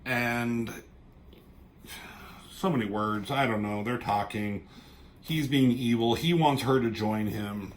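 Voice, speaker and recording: Male comic reviewer, casual rambling delivery, profane and offhand, mid-pitched voice, faint background hiss. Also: slow, pauses often.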